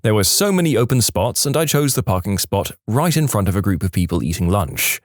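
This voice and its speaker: A man reading reddit stories aloud, with lively storytelling and punchy asides. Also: lowish voice, a little fast, dry recording, studio quality. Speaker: narrator.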